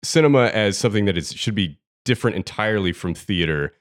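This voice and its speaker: A man hosting a film podcast, explaining at length in a relaxed way with some fillers. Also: on the low side, fast talker, no echo, clean studio sound. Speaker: podcast host. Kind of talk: casual podcast discussion.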